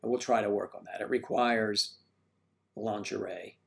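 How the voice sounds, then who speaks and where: An older man hosting a casual livestream, joking and rambling as he reads viewer comments, often clearing his throat. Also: lowish voice, fairly even intonation, measured pace, a bit bright. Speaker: host of a livestream. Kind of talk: casual live chat reading viewer comments.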